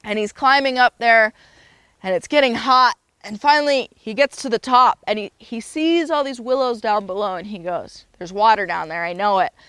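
A woman's voice: on the high side, normal speed, bright, forceful tone, clear, resonant tone, no echo. A woman telling a story aloud in a loose, unscripted way, with fillers and self-corrections. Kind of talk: casual spoken storytelling.

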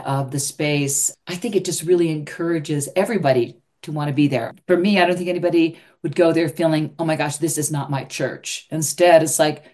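A woman with a notably low voice answers an interviewer's questions. She speaks earnestly and often restarts her sentences mid-thought. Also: a little mellow. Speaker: show producer.

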